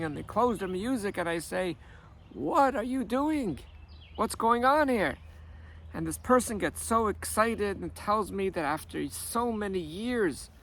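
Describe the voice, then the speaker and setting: A man working as a life coach who tells a story in an animated way and acts out the dialogue. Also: sits high, gravelly. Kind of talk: storytelling monologue.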